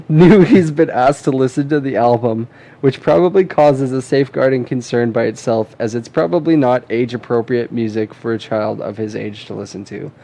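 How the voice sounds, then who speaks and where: A man's voice: medium pitch, mellow. A man hosting a casual podcast chat, reading points aloud and laughing easily. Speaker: podcast host.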